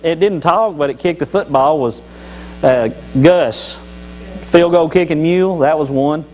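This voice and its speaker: A man with a fairly high voice gives a folksy church talk, joking as he retells Bible stories. He restarts his sentences often, with faint noise underneath. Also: rough recording. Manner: joking, storytelling, many restarts. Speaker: lay church speaker.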